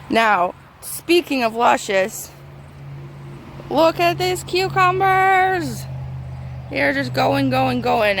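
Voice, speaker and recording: A fairly high-voiced woman walks through her vegetable garden and chats excitedly about what is growing, now and then speaking straight to her plants. Her voice turns squeaky at times. She was recorded outdoors on a handheld camera, with faint outdoor noise behind her. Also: gravelly. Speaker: gardening vlogger. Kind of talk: casual garden tour.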